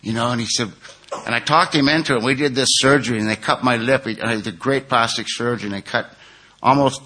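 An older man sharing his life story at a recovery meeting, long-winded and candid, with self-mocking humor and a voice that gets loud when the story heats up. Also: medium pitch, brisk. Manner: grows loud and heated when telling intense moments. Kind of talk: personal testimony, storytelling.

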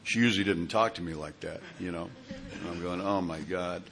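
A man telling his own recovery story to a group, in a halting way with repeated words and many fillers. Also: sits low, creaky, a bit bright. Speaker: speaker sharing at a recovery meeting.

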